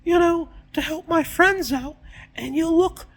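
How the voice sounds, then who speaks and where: A man doing a chirpy high-voiced friendly greeter. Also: measured pace, a bit bright, exaggerated voice. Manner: chirpy, exaggeratedly cheerful.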